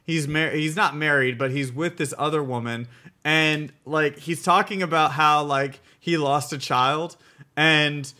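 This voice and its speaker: A young man co-hosting a casual TV review chat, animated and acting out scenes with laughs. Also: fairly high pitch, measured pace. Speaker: co-host of a TV review show.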